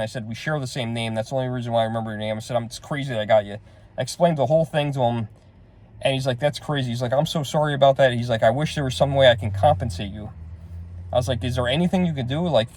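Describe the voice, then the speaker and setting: Man, middle-aged, casual vlog storytelling, rambling, exasperated, mid-pitched voice. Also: a little mellow. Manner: rambling, exasperated retelling with quoted dialogue. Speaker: vlogger.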